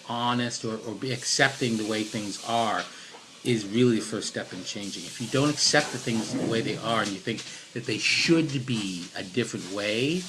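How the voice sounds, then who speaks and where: A man's voice: lowish voice, background noise. A middle-aged man at home giving casual life advice in a rambling, unscripted way, full of fillers and restarts and self-deprecating asides. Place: at home with his dog.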